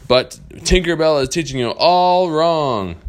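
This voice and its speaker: A man voicing a big, grumpy pirate captain in a loud, blustery way. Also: a little high, animated, measured pace, pitched above the performer's own voice.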